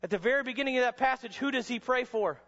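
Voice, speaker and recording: A man's voice: very high-pitched, fast talker. Dramatic preacher man in a reverberant hall. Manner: dramatic storytelling preacher, voice rising to shouts. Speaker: chapel speaker. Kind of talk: sermon. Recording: dull sound with long hall reverb.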